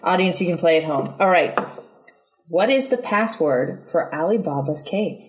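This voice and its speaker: A woman's voice: on the low side, expressive, normal speed, roomy sound, low-quality recording. A woman hosting a casual podcast, running a trivia quiz with her guests and teasing them with a laugh. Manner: laughs often, playful and teasing. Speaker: podcast host.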